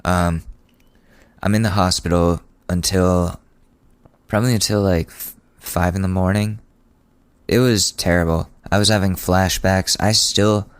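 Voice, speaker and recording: A podcast host telling a personal story in a casual, sardonic, rambling way, with frequent restarts. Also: male voice, deep voice, smooth, no room sound.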